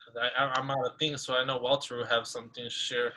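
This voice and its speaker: A man's voice: medium pitch, little pitch movement, brisk, pushed and bright, a little hiss or hum, poor audio. A young man co-hosting a casual podcast, telling a personal story in a rambling way with many fillers. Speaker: podcast co-host.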